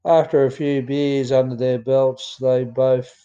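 A man's voice: medium pitch, flat delivery, measured pace, dark tone, clear, resonant tone, muffled recording. A man with an Australian accent reading his own memoir aloud in a plain storytelling way, with some fillers and restarts. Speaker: memoir narrator.

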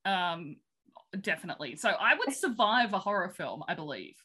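A woman's voice: lowish voice, very animated, normal speed, pushed and bright, slightly rough. A woman co-hosting a podcast who recaps a film in a chatty, rambling way with lots of fillers and giggles. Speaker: podcast co-host. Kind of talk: casual film recap chat.

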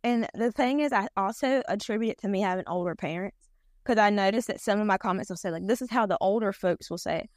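A Southern-accented North Carolina woman talks casually and easily, scattering fillers through her chat. Her voice sits at a middle pitch. It is recorded close and dry, with no room sound. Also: fast talker, darkish tone, dry recording. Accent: Southern US, eastern North Carolina. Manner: chatty, down-to-earth, many fillers. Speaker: podcast guest, pageant titleholder. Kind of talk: casual conversation.

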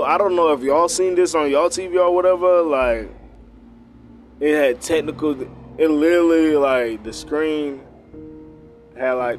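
Young dude recapping wrestling, slangy and cussing, music playing behind. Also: male voice, medium pitch, darkish tone. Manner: slangy, loose storytelling, frequent cursing. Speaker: wrestling show reviewer. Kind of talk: casual profane recap.

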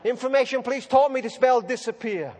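A man preacher giving a sermon, telling stories dramatically, moving between loud declaring and hushed tones. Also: very high-pitched, brisk, a little hiss or hum. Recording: echoey hall reverb.

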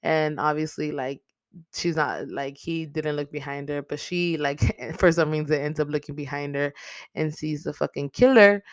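Low-voiced woman, swearing, excitable recap. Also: normal speed, no room sound. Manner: heavy swearing, excitable and blunt; rambling with many fillers. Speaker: movie recap host. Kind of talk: casual movie recap.

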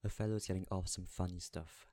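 Brief: man reading a scornful wealthy husband, blunt, low dry voice. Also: steady tone, a little fast, mellow, no room sound.

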